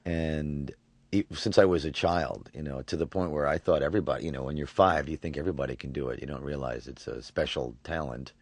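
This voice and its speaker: A man around forty, a voice actor talking in an interview, halting and restarting his words often. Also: a bass voice, no room sound. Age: 40s. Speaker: voice actor guest. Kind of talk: relaxed interview talk.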